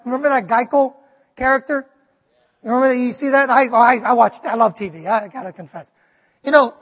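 A male pastor giving an animated sermon, often asking the congregation "Amen?". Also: very high voice. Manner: animated, preachy, asks the crowd "Amen?". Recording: dull, long hall reverb.

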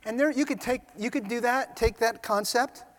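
A man preaching a sermon, retelling scenes with animated storytelling and casual asides. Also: very high-pitched, normal speed. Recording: reverberant hall.

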